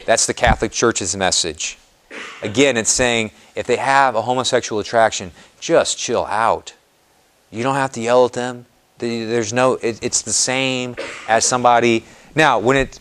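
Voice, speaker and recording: Man teaching casually, often saying "okay". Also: medium pitch. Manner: repeats phrases for emphasis, soothing "just calm down"; asks the audience questions and answers their replies. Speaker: Catholic priest. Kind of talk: parish presentation to a live audience.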